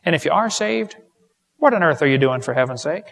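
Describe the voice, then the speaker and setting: A man's voice: a little high, lively intonation, brisk, gravelly, fairly bright tone, big-room sound. A man preaching, joking with his audience before an earnest altar call. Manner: folksy, joking with the crowd, earnest pleading. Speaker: evangelist.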